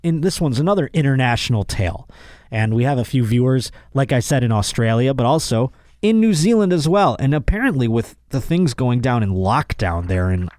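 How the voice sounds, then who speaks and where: A man's voice: mid-range voice, expressive, brisk, a little mellow, no echo, studio quality. A young man hosting a comedic news podcast, reading odd crime stories and riffing on them with sarcastic, exasperated asides. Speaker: podcast host.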